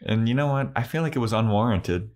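A man's voice: medium pitch, fast talker, a little mellow. A man co-hosting a podcast, recapping an episode in breezy, profane casual chat. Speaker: podcast co-host.

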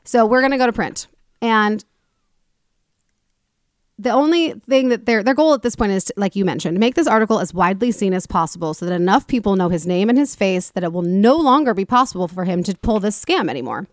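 A woman hosts a casual talk show and retells a story with animated energy, acting out each person she describes. Her voice sits at a middling pitch. The recording is close and dry, with no room echo. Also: a little fast. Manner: animated retelling, acts out quoted people with swearing. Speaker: podcast host.

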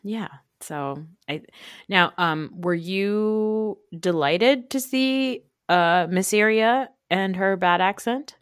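A man's voice: high-pitched, slow pace, a bit bright, smooth, dry recording, studio quality. A man co-hosting a podcast, rambling and gossipy in casual recap chat, full of fillers. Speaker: podcast co-host.

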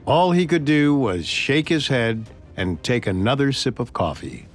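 A male podcast host narrates history with dramatic storytelling. His pitch is lively and varied, with faint music under some passages. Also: a little slow.

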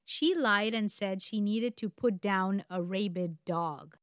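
This true crime podcast co-host, a woman in her forties from India, speaks slowly in a mid-range voice, conversational and given to wry remarks as she tells her story casually. The sound is dry and close with no room tone.

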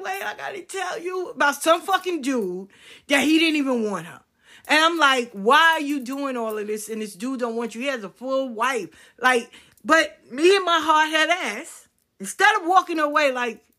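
A woman in her fifties, a spiritual practitioner, telling a story in casual, profane, animated talk and acting out what others said. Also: on the high side. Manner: animated, profane, acts out quotes.

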